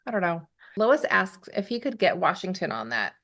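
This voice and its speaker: A woman's voice: lowish voice, big pitch swings, moderate pace, a bit bright. A young adult woman hosting a podcast, recapping a TV episode in casual chat with giggly asides. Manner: chatty, giggly, narrates plot with asides.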